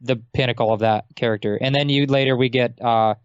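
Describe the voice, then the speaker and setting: An easygoing man, a podcast guest, chats casually in a mid-pitched voice. His sound is dry and close, with no room around it, and he chuckles between remarks. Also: fairly even intonation, a little fast, clean tone, dry recording, dull audio. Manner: easygoing, chuckles while talking.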